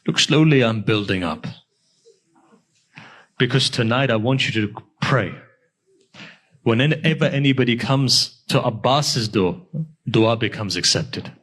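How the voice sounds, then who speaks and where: A man's voice: medium pitch, animated, a little slow, pauses often, fairly bright tone, slightly rough. A male preacher telling a mournful story in a sermon, swelling into emotional recitation.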